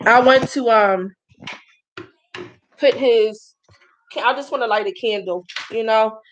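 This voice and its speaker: Young female livestream host, fairly high voice, chatty and spiritual, faint background noise. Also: dull audio. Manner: chatty, spiritual, gets emotional with sighs and pauses. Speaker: livestream host, herbal brand founder. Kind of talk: casual livestream talk.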